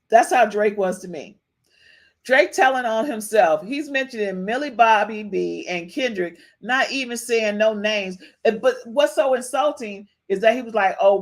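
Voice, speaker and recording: Chatty woman podcast host. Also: mid-range voice. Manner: chatty, repeats phrases, frequent "okay?" tags. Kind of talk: casual live-stream commentary.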